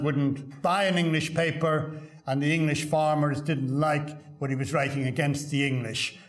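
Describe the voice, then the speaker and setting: An older male professor delivers a keynote lecture in a hall, his voice sitting a little higher than most men's. He tells stories with dry humour and stumbles over small fillers and repeated words as he goes. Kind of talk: academic lecture with anecdotes.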